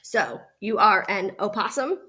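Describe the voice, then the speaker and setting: A woman's voice: mid-range voice, expressive, a little slow, bright, forceful tone, husky, heavily acted. A woman reading aloud, voicing a formal, stilted female robot in a storybook. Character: polite, stiff female robot.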